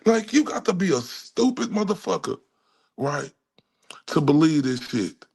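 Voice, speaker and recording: Male streamer from Dallas with a gravelly voice, ranting angrily and swearing constantly. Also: fairly high pitch, big pitch swings, unhurried, darkish tone. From Dallas, Texas. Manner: furious, heavily profane ranting. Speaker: livestream host. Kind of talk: angry profane livestream rant.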